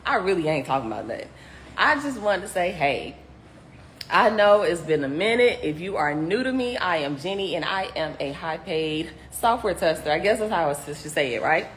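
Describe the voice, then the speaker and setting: A woman who coaches software testers, chatting casually on a livestream and talking straight to her viewers. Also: on the low side, moderate pace, slight background noise. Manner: lively, chatty, greets viewers loudly.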